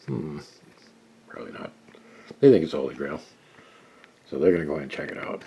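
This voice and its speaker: A man narrating a tabletop game as game master, animated and dropping to a hush for suspense. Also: low-pitched, slightly rough.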